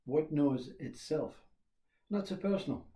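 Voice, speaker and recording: Man, spiritual teacher, slow and reflective, mellow tone, roomy echo. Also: on the high side, lively intonation. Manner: slow, reflective, with long pauses and repeated questions. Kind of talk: spiritual talk.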